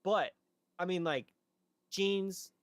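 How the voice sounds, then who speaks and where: A man co-hosting a casual podcast chat, talking in a laid-back, teasing way that often trails off softly. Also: high voice, slow pace, dry recording, studio quality. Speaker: podcast co-host.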